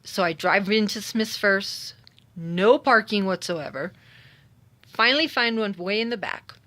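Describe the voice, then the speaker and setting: A woman's voice: mid-range voice, measured pace. A woman telling a story from her own day in a casual monologue, wry and exasperated, acting out the people she met. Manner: animated, dramatic retelling with voiced quotes.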